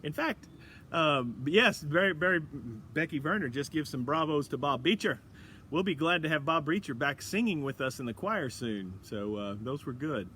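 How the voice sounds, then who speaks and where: A man's voice: a little high, animated, moderate pace, bright, forceful tone. Middle-aged man, pastor, folksy livestream chat, faint background noise. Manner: folksy, chatty, greets viewers by name. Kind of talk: livestream prayer and dad jokes. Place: church or home, livestream.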